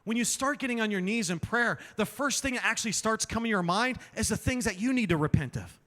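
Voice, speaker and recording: Guy with a high voice giving a chapel sermon, jokes on himself, acts out the lines, big echoey hall. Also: expressive, quick pace, pushed and bright. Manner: self-deprecating storyteller, acts out dialogue. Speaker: preacher. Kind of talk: chapel sermon with humorous stories. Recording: long hall reverb.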